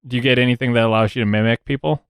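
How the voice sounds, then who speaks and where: A man playing a tabletop game, talking hesitantly with many pauses and restarts. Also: mid-range voice, steady tone, clear, resonant tone, no room sound, studio quality. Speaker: player.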